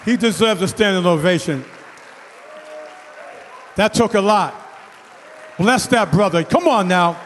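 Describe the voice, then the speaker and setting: High-pitched male minister, church hall reverb, congregation faintly behind. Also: animated, a little slow, pauses often, some chatter behind, a little hiss or hum. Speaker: youth minister. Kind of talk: church service hosting.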